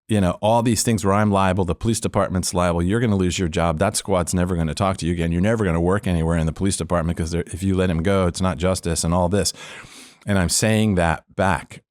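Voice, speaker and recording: As a podcast guest, a middle-aged man who used to be a police officer tells a storytelling testimony about faith in a low voice, speaking fast. He brings the story to life by acting out the quoted voices, recorded in studio quality with no echo.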